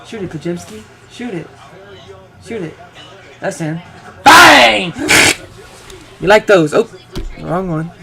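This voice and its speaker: A young man hosting a home livestream, reacting loudly to a basketball game and shouting at the plays. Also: high-pitched, measured pace, long pauses. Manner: loud, shouting and chanting at the game. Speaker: livestream play-by-play host. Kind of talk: excitable live sports reaction.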